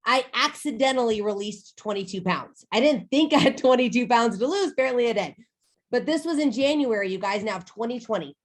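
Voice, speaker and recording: A woman's voice: a little high, expressive, a little fast. A woman in her thirties from the United States, giving a motivational talk to a sales team and speaking to the audience directly. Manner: emphatic, personal storytelling, addresses the audience directly.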